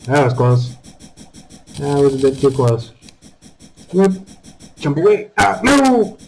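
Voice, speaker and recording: A man giving casual commentary over his own gameplay, taunting enemies and breaking into high exclamations. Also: takes it slowly, a little hiss or hum, rough recording. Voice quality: calls his own voice squeaky. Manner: animated, talks to enemies, jumps to high exclamations. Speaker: gaming channel host.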